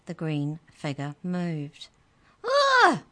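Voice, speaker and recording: A woman reads a children's story aloud with slow, expressive narration. Her voice is low and unhurried.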